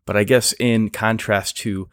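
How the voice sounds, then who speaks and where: A man who works as a flight paramedic, talking casually as a podcast guest, eager and explanatory and quick to laugh. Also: fairly low pitch, steady tone, clear, resonant tone, dry recording, clean studio sound. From United States. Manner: enthusiastic, explanatory, laughs easily.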